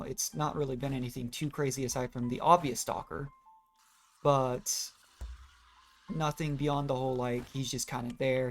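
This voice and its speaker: A gamer giving casual, rambling commentary while playing, often trailing off and restarting thoughts. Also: mid-range voice. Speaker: let's play gamer.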